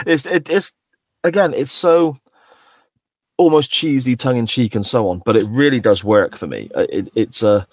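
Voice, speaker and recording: A man co-hosting a podcast, talking casually and thoughtfully about an episode, often pausing mid-phrase. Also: medium pitch, dry recording. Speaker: podcast co-host. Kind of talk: casual chat reviewing an episode.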